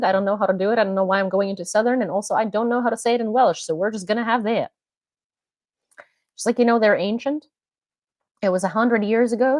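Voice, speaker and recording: A young woman from Ukraine hosting a live-streamed news chat, excitable and rambling, with many restarts. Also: mid-range voice, dry recording. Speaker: host and independent reporter. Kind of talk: livestream commentary chat.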